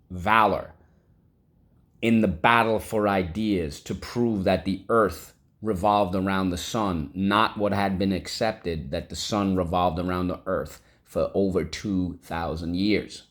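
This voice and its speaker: Male teacher, deep voice, unhurried classroom vocabulary drills. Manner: drawn-out, syllable-by-syllable word drills. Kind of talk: vocabulary lesson for children.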